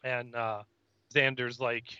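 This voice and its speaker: A man's voice: mid-range voice, little pitch movement, takes it slowly, sharp tone, clean tone, no room sound, highs cut off. A man co-hosting a podcast, chatting casually as he recaps an episode and acts out the characters' lines. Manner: retells scenes, acting out character lines. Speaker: podcast co-host.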